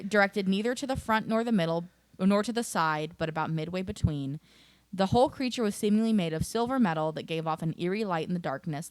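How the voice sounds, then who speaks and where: A woman's voice: medium pitch, no echo. A woman co-hosting a podcast, casually retelling a strange case from her notes with frequent fillers. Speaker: podcast co-host. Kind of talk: casual storytelling chat.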